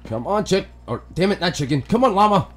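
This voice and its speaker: A man giving loud, profane commentary while playing a block-building game, yelping when something startles him. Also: high voice, expressive, a little fast. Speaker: gaming YouTuber. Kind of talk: Minecraft let's play commentary.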